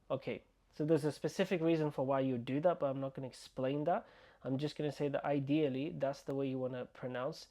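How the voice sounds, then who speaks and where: A man teaching pronunciation, slowly sounding out syllables and repeating them, with quick asides in between. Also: a little high, warm tone. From United Kingdom. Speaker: Arabic teacher. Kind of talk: pronunciation lesson, slow modeled repetition.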